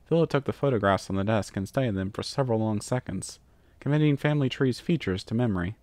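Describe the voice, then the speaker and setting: A man narrating a fan fiction story in a steady, even reading. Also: lowish voice, fast, no room sound. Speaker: reader.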